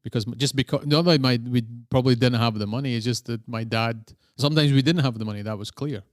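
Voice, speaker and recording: A man's voice: medium pitch, fast, no room sound, studio quality. A man with a Scottish accent, a guest in a conversational interview, telling stories in a rambling way and often correcting himself. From Scotland. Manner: rambling, self-correcting storyteller.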